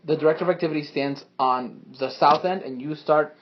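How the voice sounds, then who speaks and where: A man's voice: on the high side, fairly quick, highs cut off, slight background noise. A man narrating as game master, improvising loosely with laughs and swearing. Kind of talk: narrating a tabletop game with friends.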